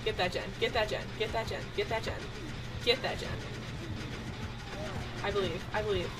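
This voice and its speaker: A woman streaming a game live, commenting in an excitable, profane way and shouting at the game. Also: medium pitch, normal speed, heavy background noise.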